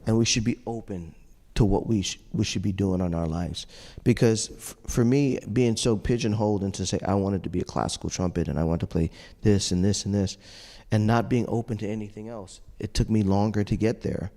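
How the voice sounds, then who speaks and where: A middle-aged man telling an animated story to an audience, acting out the voices he quotes and laughing often. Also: lowish voice, fairly quick. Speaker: trumpet player on a judges panel. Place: large hall. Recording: long reverb of a large hall.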